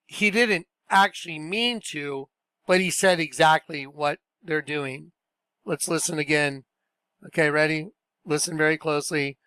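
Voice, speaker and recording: Man, high-pitched, smooth clear voice, dry close sound, emphatic, scornful reaction commentary. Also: unhurried, bright, forceful tone, dry recording.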